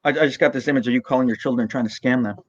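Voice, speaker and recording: A man's voice: medium pitch, steady tone, racing, dry recording, lo-fi sound. A man hosting a casual interview, joking and stammering over restarts. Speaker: podcast host.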